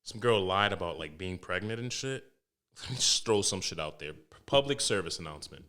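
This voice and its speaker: A young man hosting a podcast, telling stories in a loose, animated way, swearing heavily and restarting his sentences. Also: low-pitched, brisk. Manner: animated storytelling, heavy swearing, frequent restarts. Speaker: podcast host. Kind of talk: casual podcast monologue.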